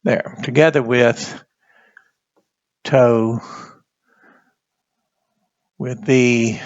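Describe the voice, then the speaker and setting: A man teaching a Bible language class, speaking haltingly and repeating words as he writes on a board. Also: medium pitch, steady tone, dry recording, highs cut off. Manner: slow, halting, repeats words while writing. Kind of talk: classroom lesson at a whiteboard.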